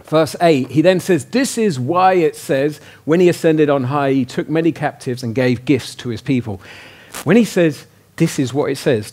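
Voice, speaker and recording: A man's voice: medium pitch, a little mellow. A man preaching a sermon in a casual, conversational way, often asking his listeners questions. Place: church hall.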